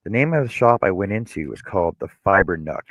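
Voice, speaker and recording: Low-voiced man telling a rambling story. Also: sing-song, fast talker, fairly bright tone, no echo, low-quality recording. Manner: rambling storyteller, many restarts. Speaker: co-host. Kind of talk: casual chat.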